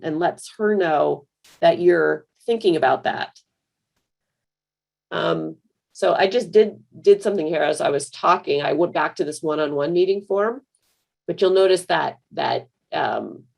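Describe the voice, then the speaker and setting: A woman giving a conversational screen-share software tutorial for managers, full of fillers and restarts. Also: lowish voice, creaky. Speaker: software trainer.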